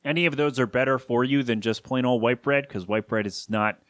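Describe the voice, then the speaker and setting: A man's voice: medium pitch, fairly quick, a bit bright, dry recording. A man hosting a solo podcast from his home studio, rambling casually with self-deprecating asides. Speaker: podcast host.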